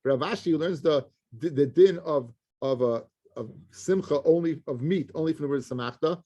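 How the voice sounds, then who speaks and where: A man's voice: on the high side, moderate pace, dark tone. A man, a rabbi, teaching a casual Talmud class to listeners in the room. He poses questions and answers them himself, and mixes Hebrew and Aramaic terms into his English. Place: study class with listeners present.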